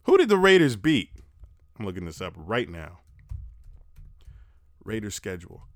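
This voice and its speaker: A young man hosting a casual football recap podcast, talking fast, animated and profane, breathing heavily into a close mic. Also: on the low side. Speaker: sports podcast host.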